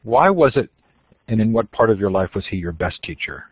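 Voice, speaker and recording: A man hosting an interview, asking measured, thoughtful questions. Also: fairly low pitch, big pitch swings, slightly rough, no echo. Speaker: host. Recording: tinny phone line.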